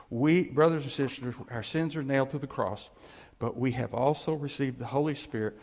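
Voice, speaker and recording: A male pastor delivers a conversational sermon, acting out the voices in his story in an animated way. His medium-pitched voice is gravelly, and the recording carries the long reverb of a hall.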